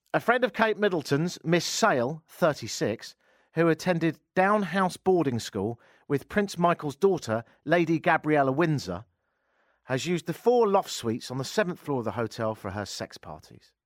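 Animated, sarcastic male radio host. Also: medium pitch, no room sound, studio quality. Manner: sarcastic, jokey asides. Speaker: radio talk show host. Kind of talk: radio talk show, reading and riffing on odd news. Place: radio studio. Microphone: studio microphone.

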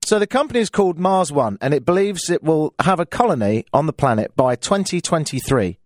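Recorded in a radio studio on a studio mic, this London-accented Englishman delivers a casual radio monologue at a slightly quick clip. His voice is expressive, chatty and self-deprecating, rambling with playful rises and falls, and the sound is dry and clean.

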